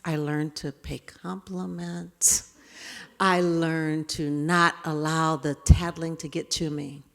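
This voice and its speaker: A woman speaker telling stories to an audience in an animated way, acting out scenes. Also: sits low, slow, creaky. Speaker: keynote speaker. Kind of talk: storytelling talk to an audience. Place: event hall. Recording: reverberant hall.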